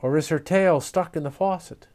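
Wanda, a man voicing an excitable schoolgirl. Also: a little high, normal speed, pitched above the performer's own voice, lightly acted. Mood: excited. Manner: eager, exclaiming. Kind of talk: storybook read-aloud.

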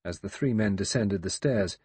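Husky male audiobook narrator. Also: fairly low pitch, moderate pace, darkish tone, dry recording.

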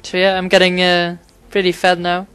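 A man's voice: high-pitched, completely flat delivery, moderate pace, a bit bright, clean tone, soft background music. A man giving casual gameplay commentary, rambling and swearing a lot, with frequent fillers and restarts. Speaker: gaming commentator.

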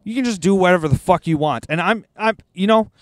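A man's voice: high-pitched, fast, no room sound, clean studio sound. A man, co-hosting a podcast from inside a car, telling a profane, ranting story in casual chat. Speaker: podcast co-host.

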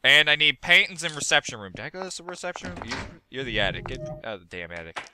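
Over some background noise, a gaming video host delivers fast let's play commentary in a mid-range voice. He talks to himself and to the on-screen characters, excitably yelping and cursing whenever things go wrong.

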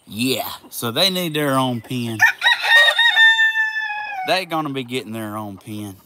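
A man chatting casually outdoors by his animal pens, slow and doting, slipping into baby-talk with his animals. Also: medium pitch, lively intonation. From Southern United States. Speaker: vlogger. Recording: loud outdoor background noise. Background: chickens clucking and roosters crowing.

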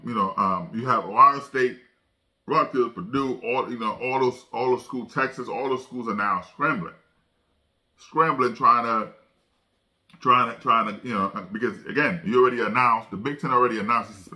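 A man with a very bright, forceful voice talks through sports news in a loose, rambling way. He repeats words and restarts phrases often and turns emphatic when he acts out what others said. His pitch sits in the middle range for a man. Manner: repetitive, stammering restarts. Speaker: commentator. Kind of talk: casual sports commentary.

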